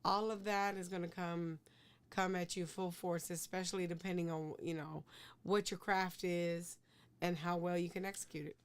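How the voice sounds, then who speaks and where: Lady cohost on a chat show, lowish voice, goes along and adds her own bit. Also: normal speed, smooth. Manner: steady, agreeing, builds on her co-host. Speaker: co-host. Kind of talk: casual podcast chat.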